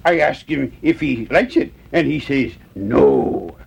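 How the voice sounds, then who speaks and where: A man voicing a fretful, complaining mother mouse in a storybook, with a gravelly voice. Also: medium pitch, sing-song, takes it slowly, a little hiss or hum, heavily acted. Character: fussy mother mouse, middle-aged.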